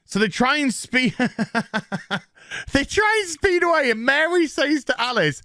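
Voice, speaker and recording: A man's voice: very high-pitched, animated, gravelly, sharp tone, dry recording, studio quality. A man recapping a TV episode in a casual, sarcastic, profane rant, mocking the scenes. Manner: mocks scenes in quick put-on voices. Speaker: TV show reviewer.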